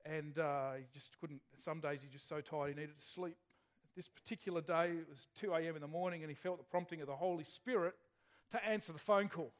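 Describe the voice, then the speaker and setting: A male preacher with a notably high voice gives a relaxed, conversational sermon. He keeps turning questions back to his congregation as he tells a story. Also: a little fast. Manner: chatty, asks the congregation questions. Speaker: pastor.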